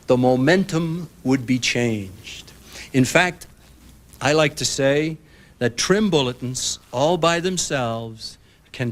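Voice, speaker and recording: A man, an author, giving a public lecture to an audience, folksy and emphatic, acting out what others said in lively asides. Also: on the high side. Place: public library lecture hall. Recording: 1990s broadcast recording.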